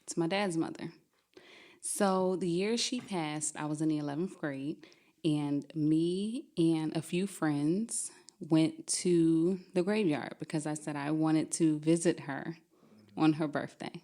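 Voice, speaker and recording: A woman's voice: low voice, takes it slowly, warm tone. A woman, guest on a podcast, animatedly telling a true scary story and laughing as she goes. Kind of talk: casual storytelling.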